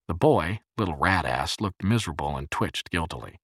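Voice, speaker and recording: A man with a very deep, husky voice reading an audiobook. His delivery is measured yet lively in pitch, and the recording is dry and close. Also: no room sound. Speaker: narrator. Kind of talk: audiobook narration.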